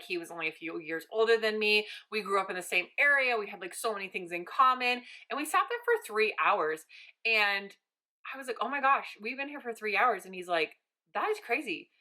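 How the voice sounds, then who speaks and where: A bright-voiced young woman talking casually to her audience. She rambles along in a lively way, often slipping into the voices of the people in her story. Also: mid-range voice. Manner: chatty, animated, acts out quoted dialogue. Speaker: vlogger.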